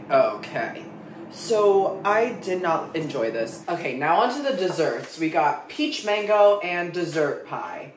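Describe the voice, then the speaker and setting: Expressive young man, lively echoey vlog. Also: high voice, background noise. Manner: dramatic, expressive, swears freely. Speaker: food vlogger. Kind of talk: casual food tasting vlog. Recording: echoey room.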